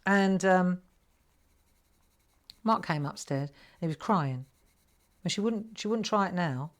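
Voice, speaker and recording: Middle-aged woman, craft show host, low voice and very lively intonation, chatty, rambling, laughs easily. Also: takes it slowly. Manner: chatty, rambling storyteller who laughs often. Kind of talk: live crafting demonstration with chat. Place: home craft room.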